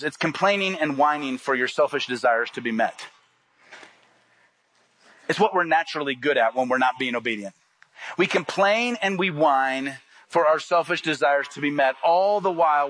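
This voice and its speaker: Earnest male pastor preaching. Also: no room sound. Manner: earnest preaching, drops low and soft on scripture, rises when acting out quotes. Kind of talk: sermon.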